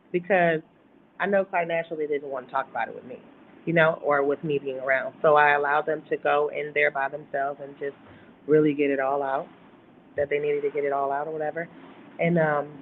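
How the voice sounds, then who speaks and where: A woman giving an earnest, emphatic personal account as a guest in a talk interview, speaking over a phone call. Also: low voice. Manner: earnest and emphatic, retelling events at length. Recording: tinny phone line with faint hiss.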